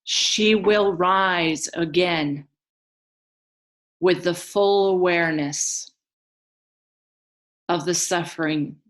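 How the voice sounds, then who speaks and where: A woman's voice: lowish voice, very slow, long pauses. Woman whispering as grieving little dirt beings, whispered role-play. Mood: hopeful. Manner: soft, partly whispered lament. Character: tiny grieving dirt beings, plural, tender.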